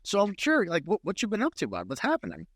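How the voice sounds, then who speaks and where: A man's voice: sits high, huge pitch swings, quick pace, fairly bright tone, husky, no echo, clean studio sound. A man co-hosting a podcast in casual chat, rambling with restarts and frequent swearing. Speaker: podcast co-host.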